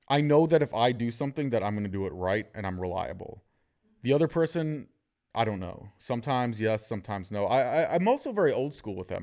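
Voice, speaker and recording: A man's voice: mid-range voice, a little mellow. A man hosting a casual podcast, telling jokey stories and acting out the people in them. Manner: storytelling, jokey, acts out quotes. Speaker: podcast host.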